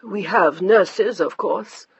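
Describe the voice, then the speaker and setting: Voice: mid-range voice, slow pace, gravelly, slightly rough, no room sound, muffled recording, heavily acted. A narrator voicing an older French woman, a stern, grieving mother-in-law with a French accent and clipped, formal English. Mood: stiff.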